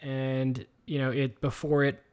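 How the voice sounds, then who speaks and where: A man's voice: mid-range voice, level tone, measured pace, a little mellow, smooth. A man co-hosting a casual podcast from his kitchen on a headset mic, rambling with many fillers and restarts. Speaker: podcast co-host. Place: home kitchen. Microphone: headset microphone with headphones.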